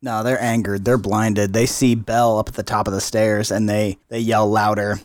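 A man's voice: lowish voice, flat delivery, moderate pace, no room sound. A man running a tabletop game as game master, narrating loosely and laughing often.

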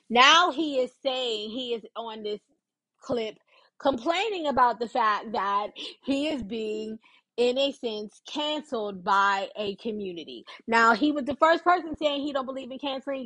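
A woman's voice: medium pitch, fairly bright tone, no echo, low-quality recording. A woman hosting a podcast and giving casual opinion commentary in an informal, emphatic way, repeating points for stress.

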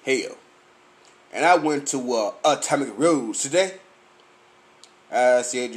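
A man's voice: mid-range voice, lively intonation, a little slow, pauses often. A man, ranting angrily and profanely about food in a swaggering comic way. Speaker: vlogger. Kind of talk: profane rant.

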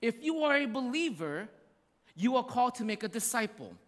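A man delivering a sermon into a microphone, his high voice swinging widely as he hammers home the same lines again and again. He breaks off now and then to talk straight to the crowd. A long echo hangs on every phrase from the big hall. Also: sing-song, moderate pace, a bit bright. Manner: emphatic preaching with repeated refrains; conversational asides to the congregation. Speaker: pastor. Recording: echoey hall reverb.

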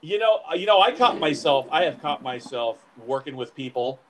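A man hosting a casual chat with veterans, animated and quick to laugh and exclaim. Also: on the high side, slight background noise, rough recording.

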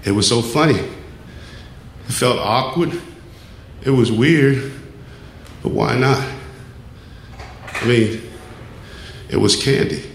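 A man telling a true personal story on stage, measured and plain, dropping his voice low at times. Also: vocal fry, a little hiss or hum. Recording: echoey room with faint ambience.

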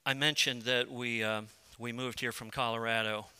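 Bright, clear-voiced man preaching. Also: mid-range voice, flat delivery, normal speed, in a large hall. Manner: impassioned prayer-like pleading, then quiet storytelling. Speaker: pastor. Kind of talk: sermon.

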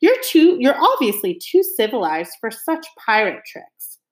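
A woman's voice: fairly high pitch, sing-song, unhurried. Woman doing a courteous, formal butler. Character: polite, unflappable male butler.

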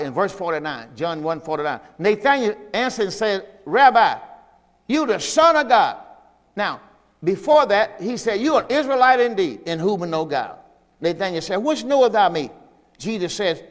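A man's voice: high voice, big-room sound. A middle-aged man preaching a sermon as pastor, reading scripture aloud and calling out to the congregation. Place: church sanctuary.

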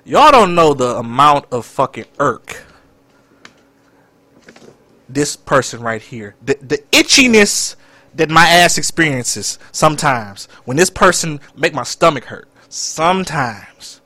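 A young man co-hosting a podcast in casual chat, animated and dramatic. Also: fairly high pitch, takes it slowly, no echo. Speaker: podcast co-host.

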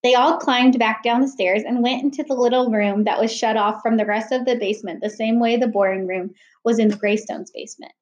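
A woman reading a children's novel aloud with expressive storytelling over a video call. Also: on the high side, a little fast, hardly any pauses, muffled recording. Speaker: reader leading a read-aloud. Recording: roomy echo.

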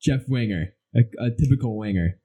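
Mellow-voiced young man telling stories. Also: mid-range voice, expressive, brisk, breathy edge. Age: young adult. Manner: rambling storyteller, acts out his own reactions. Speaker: podcast co-host. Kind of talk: casual chat.

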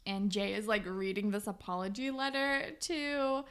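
A woman's voice: normal speed, smooth. A young woman co-hosting a casual recap chat, animatedly retelling scenes and imitating characters. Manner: animated retelling, mimics characters in higher voices. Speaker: podcast co-host.

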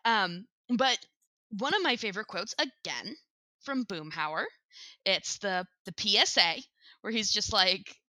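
A woman co-hosting a casual podcast chat, excitable and quick to laugh, swearing casually. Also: mid-range voice, dry recording. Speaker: podcast co-host.

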